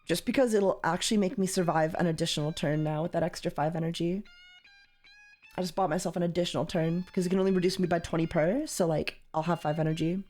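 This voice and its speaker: A young woman from Canada chatting casually as a streamer while playing a card game, with sudden loud, high exclamations. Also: steady tone, quick pace, faint music behind.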